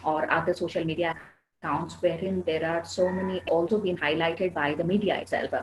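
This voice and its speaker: In a classroom Q&A lecture, a female soft skills trainer with an Indian English accent responds to students firmly and instructively. She has a lowish voice with fairly even intonation and a fairly quick delivery. Faint background noise and a roomy echo come through on the recording.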